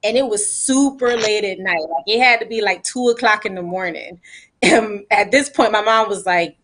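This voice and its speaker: A woman on a faith panel sharing a personal story of grief, emotional and animated, laughing at times. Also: medium pitch, moderate pace.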